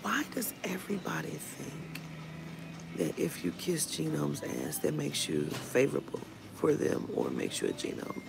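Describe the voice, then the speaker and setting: A woman's voice: a bass voice, huge pitch swings, normal speed, gravelly, few pauses, background noise. A woman vlogger telling a storytime rant in a blunt, profane way. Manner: blunt and profane, retelling a run-in. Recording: music playing under the voice.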